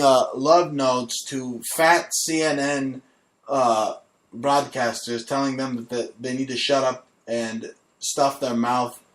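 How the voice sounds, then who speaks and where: A man hosting his own talk show, chatting casually in a brash, crude and mocking way. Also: mid-range voice. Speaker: radio show host. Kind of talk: casual crude comedy chat.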